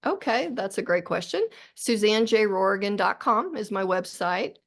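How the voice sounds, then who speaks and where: A woman's voice: mid-range voice, lively intonation, normal speed. A middle-aged woman, an author guest on a podcast interview, talking earnestly and reflectively with frequent restarts.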